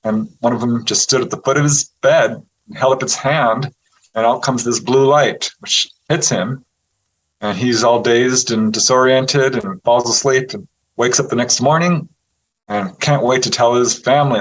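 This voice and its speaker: A man with a voice of middling pitch, speaking as an interview guest. He tells his stories in a casual, lively way, often laughing and putting on voices for the people he quotes. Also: measured pace, slight background noise, low-quality recording. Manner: animated storyteller who laughs often and acts out quotes. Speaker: interview guest, UFO researcher.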